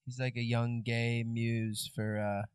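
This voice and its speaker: A man's voice: mid-range voice, flat delivery, smooth, no echo. Young male, playful enthusiast, plain dry mic. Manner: enthusiastic, playful, quick to joke. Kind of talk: casual chat among friends.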